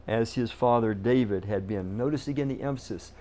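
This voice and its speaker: Middle-aged male pastor, mellow tone, emphatic sermon delivery. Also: mid-range voice, a little fast, hardly any pauses. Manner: emphatic, repeats key words for stress.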